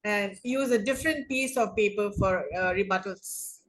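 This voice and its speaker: A woman teaching an online English class on debating, speaking deliberately and often rephrasing her points. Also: medium pitch, fairly bright tone, low-quality recording. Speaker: English lecturer.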